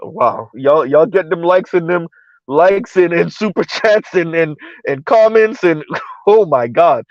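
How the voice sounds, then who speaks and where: Brief: male live-stream host, stunned and animated commentary, dry close mic with a muffled, lo-fi tone. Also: a little high, a little slow, no room sound. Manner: animated, incredulous, repeats words and restarts often.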